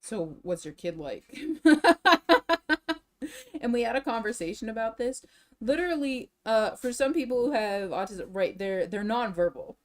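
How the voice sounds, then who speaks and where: A young woman streams to her viewers in loose, rambling casual chat. She restarts her sentences often and swings between worn-out and excited. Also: a little high, normal speed.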